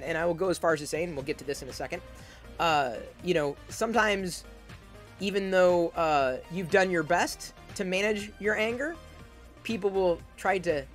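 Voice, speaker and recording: Intense, emphatic woman with lower voice. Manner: intense, emphatic, repeats words when starting sentences; loud and projecting. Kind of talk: advice monologue.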